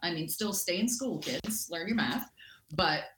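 Animated woman telling stories, roomy sound. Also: fairly low pitch, measured pace, a little hiss or hum. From Canada. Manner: animated, acts out quotes in lively voices. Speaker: guest. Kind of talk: casual interview storytelling.

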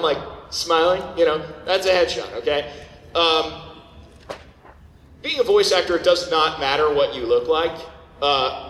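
A man's voice: fairly high pitch, a bit bright, a little hiss or hum. Blunt man lecturing in an echoey hall. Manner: casual, blunt, keeps checking in with the audience. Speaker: voice actor giving audition advice. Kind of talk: convention panel talk. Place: convention panel room.

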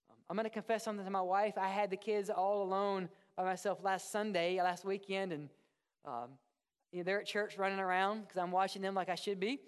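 A man, a pastor, preaching a sermon in an animated way, moving from loud, excited asides to hushed, earnest passages. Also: high-pitched, fairly quick, clear, resonant tone.

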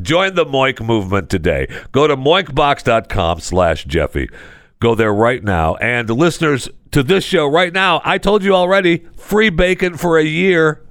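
A man's voice: mid-range voice, expressive, moderate pace, fairly bright tone, no room sound, studio quality. A man hosting a podcast in casual talk, jokey and rambling, reading an ad in his own loose way and teasing himself. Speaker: podcast host.

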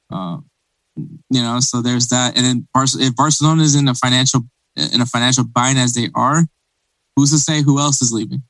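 A man's voice: medium pitch, a bit bright, no room sound, rough recording. Rambling man on a dry podcast mic. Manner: rambling, many restarts and fillers. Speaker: podcast co-host. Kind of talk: casual sports podcast chat.

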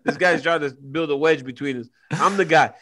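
A man co-hosting a casual sports chat over a video call, animated and joking, often repeating himself. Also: fairly high pitch, moderate pace. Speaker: co-host.

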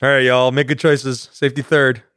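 A man's voice: mid-range voice, flat delivery, fairly quick, fairly bright tone, no room sound, clean studio sound. A man from the Midwest with a Midwestern accent, co-hosting a podcast in loose, joking banter, tired and a little delirious. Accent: Midwestern American. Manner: laughs often, joking and loose. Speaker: podcast co-host. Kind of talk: casual banter. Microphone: studio podcast mic.

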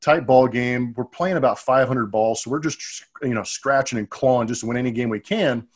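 A man's voice: medium pitch, brisk. A middle-aged man co-hosting a podcast, telling rambling, chatty stories from his playing days. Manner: chatty, rambling anecdotes with restarts. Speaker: podcast co-host, former ballplayer. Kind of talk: casual storytelling chat.

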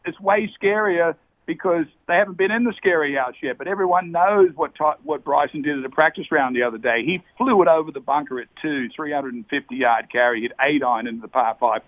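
A man's voice: on the high side, dry recording. Man on a tinny phone line. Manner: animated, profane storyteller who calls people mate. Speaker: podcast guest, former tour golfer. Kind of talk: casual storytelling chat. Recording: dry, thin phone-line sound.

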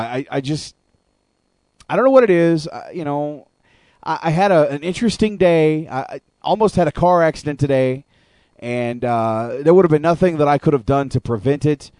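Profane, ranting radio host, dry sound. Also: male voice, on the high side, a little mellow, no room sound. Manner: profane, ranting, stammering restarts. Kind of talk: casual radio talk.

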